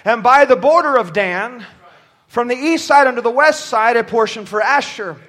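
A man preaching a sermon from a church pulpit, shouting at times and dropping low at others, often stumbling over his words. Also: moderate pace. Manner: impassioned, swings from shouting to near-quiet.

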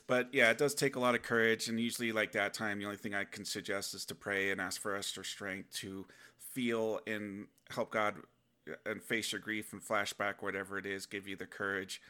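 A man's voice: lowish voice, flat delivery, normal speed, bright, forceful tone. A man talking earnestly in a casual, rambling advice monologue, with restarts and playful acted asides.

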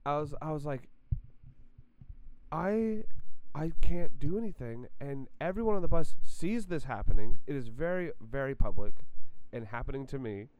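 Podcast co-host, male, mid-pitched, resonant, chatty anecdote delivery with lots of "like.". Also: brisk, hardly any pauses, clear, resonant tone, no echo. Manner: animated, full of "like" fillers and restarts. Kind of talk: casual storytelling.

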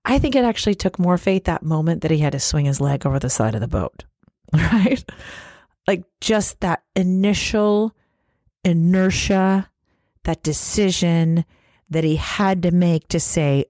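A middle-aged woman hosts a faith-based motivational podcast, speaking earnestly and encouragingly straight to her listener. Her voice sits a little low for a woman. The recording is close and dry, with no room sound. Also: lively intonation, measured pace, long pauses, darkish tone, dry recording. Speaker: podcast host.

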